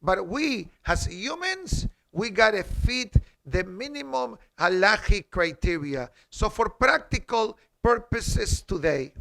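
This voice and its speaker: A man's voice: sits high, sing-song, takes it slowly, vocal fry, hardly any pauses, pushed and bright. A man giving a class as a rabbi in a synagogue, teaching in an emphatic way, quoting Hebrew and asking rhetorical questions. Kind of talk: halakha class.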